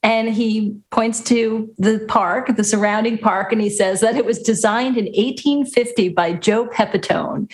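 A woman's voice: fairly high pitch, fairly even intonation, a little slow, few pauses. A woman co-hosting a podcast, chatting casually in a good-humored way and laughing easily. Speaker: podcast co-host.

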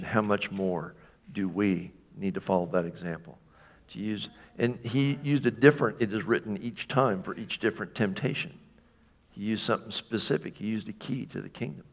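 A man preaching a sermon in a conversational tone, often checking in with the congregation and sometimes mimicking voices. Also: fairly low pitch. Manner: mimics a taunting voice for quoted questions. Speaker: pastor.

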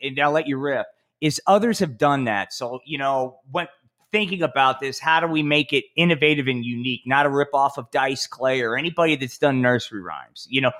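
A man hosting a podcast, riffing in a rambling, profane, animated way. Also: mid-range voice, a little fast. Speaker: podcast host.

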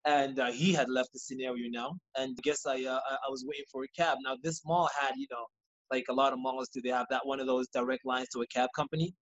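A man, a podcast guest, telling a story in casual, profane, animated fashion and acting out what people said. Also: mid-range voice, lo-fi sound. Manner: rapid, animated, profane, acts out quoted lines.

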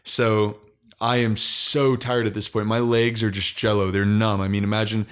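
A young man telling a long personal story in casual podcast chat, halting often and restarting his sentences. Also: on the low side, flat delivery. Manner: halting, frequent restarts and fillers.

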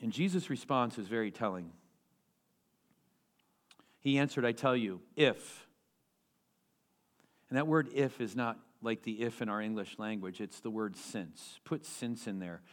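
Animated man preaching a sermon. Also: medium pitch, a little slow, pauses often. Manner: animated preaching with rhetorical questions and repetition. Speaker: pastor.

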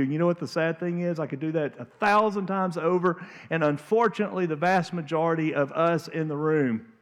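Emphatic preacher man in a church. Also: on the high side. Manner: emphatic, swinging from hushed to loud and pleading. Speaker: pastor. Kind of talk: sermon. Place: church sanctuary.

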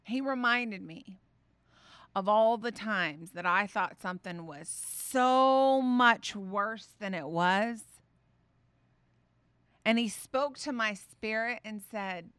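A woman, hosting a faith podcast and telling a family story in a chatty, animated way full of fillers. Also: mid-range voice, slow, clear, resonant tone, dry recording. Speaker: podcast host.

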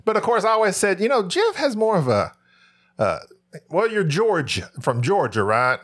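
A man's voice: sits high, sing-song, normal speed, a bit bright. A man from Northeast Texas with a regional accent, hosting a podcast in rambling, self-mocking casual chat. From Paris, Texas. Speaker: podcast host.

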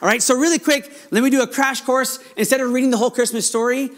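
A male pastor preaching a sermon in an excitable, fast-running way, with many restarts. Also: very high voice.

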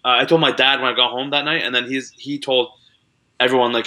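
A man's voice: medium pitch, steady tone, fast, pushed and bright. A young man, a comedian, chatting as an interview guest in a rambling way, full of likes and restarts. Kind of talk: casual interview chat.

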